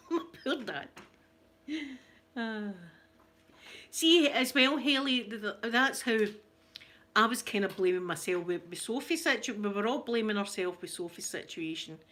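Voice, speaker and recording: A woman's voice: on the high side, animated, measured pace, long pauses, fairly bright tone. A middle-aged Scottish woman hosting an ASMR channel, chatting casually and telling family stories, often laughing and acting out quoted voices. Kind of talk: casual storytelling chat.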